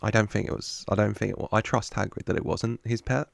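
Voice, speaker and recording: A man's voice: on the low side, steady tone, quick pace, vocal fry, no room sound. A man hosting a casual film reaction, chatty, joking with the screen and laughing often. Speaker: reaction video host.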